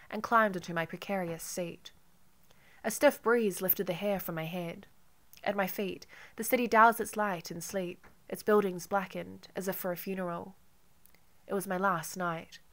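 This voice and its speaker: A woman narrating an audiobook in an intimate, measured first-person reading. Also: fairly low pitch, a bit bright.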